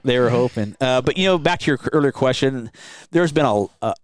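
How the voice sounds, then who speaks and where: A man, an award-winning helicopter pilot, telling a rescue story in a casual, animated way, laughing often and acting out what people said. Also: mid-range voice, brisk, clear, resonant tone, no echo. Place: convention floor.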